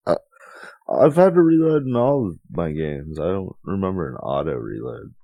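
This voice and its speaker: A man with an extremely low, gravelly voice talks loosely and profanely, piling up asides as he tells a story. He is recorded close and dry, with almost no room sound. His co-hosting is a relaxed, rambling chat. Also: moderate pace, no room sound, narrow, tinny audio. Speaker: podcast co-host. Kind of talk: casual chat.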